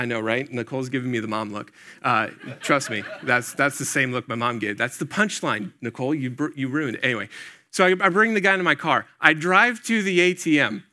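A young man preaching a casual sermon in a chatty, conversational way, with many fillers and quick asides to his listeners. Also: fairly high pitch, bright, forceful tone. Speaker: pastor.

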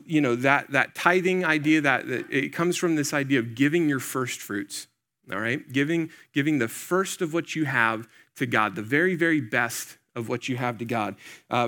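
A young man preaching a casual sermon, talking to his congregation as if chatting with friends. His voice is bright and forward, and his pitch sits in an ordinary middle range. He fills his speech with "like" and "okay?" and makes quick asides to people in the room. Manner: chatty and conversational, full of fillers and asides to the audience. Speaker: pastor.

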